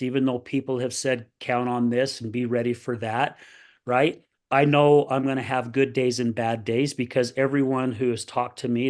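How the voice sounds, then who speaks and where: A podcast guest in his sixties talks candidly in an earnest, upbeat way with a medium-pitched voice. He keeps repeating "right?" and "I tell you what," and does other people's voices in animated retellings.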